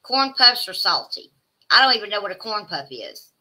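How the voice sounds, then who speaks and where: Bright-voiced Southern woman chatting on stream. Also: mid-range voice, very animated, moderate pace. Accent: Southern American. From American South. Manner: chatty, exclaiming, drawling asides to chat. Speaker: livestream host reading chat. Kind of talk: casual chat.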